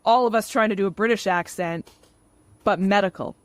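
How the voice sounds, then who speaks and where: A woman from Canada hosting a podcast interview, chatty and quick to laugh. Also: mid-range voice, slight background noise. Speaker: podcast host.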